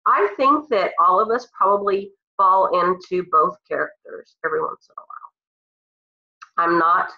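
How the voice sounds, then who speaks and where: With a lowish, slightly slow voice, a congested team leader encourages her team over a call in an emotional, earnest way. The sound, from a phone or computer, is roomy, dull and lo-fi.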